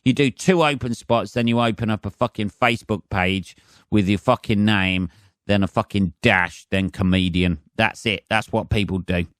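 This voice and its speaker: A man's voice: lowish voice, moderate pace, a bit bright, no echo, studio quality. A man hosting a comedy podcast alone, ranting sarcastically and swearing constantly, slipping into mocking voices. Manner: sweary, sarcastic, mimics voices mid-rant. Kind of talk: solo comedic rant.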